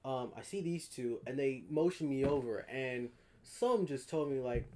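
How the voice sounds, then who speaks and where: A man's voice: medium pitch, animated, a little slow, background noise. A young man co-hosting a podcast, telling a rambling, profane story in a laid-back, casual way. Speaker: podcast co-host.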